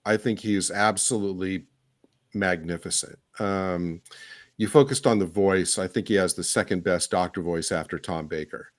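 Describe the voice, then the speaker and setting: Opinionated man, podcast co-host, low voice. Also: fairly even intonation, normal speed. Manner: opinionated, hesitant with many fillers. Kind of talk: casual podcast discussion.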